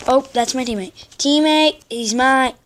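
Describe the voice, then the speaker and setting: Excitable woman commentating a game, slow-talking. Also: high-pitched. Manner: excitable, bursts into yelps and repeated protests; casual slangy chatter. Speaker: gameplay commentator.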